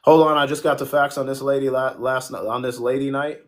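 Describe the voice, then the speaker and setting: A male livestream host chatting loosely with his viewers. He jokes, swears freely and talks back to comments as they arrive, in an easygoing, mid-pitched voice. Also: steady tone, brisk. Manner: profane, joking, reacts to chat. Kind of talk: casual livestream chat reading comments.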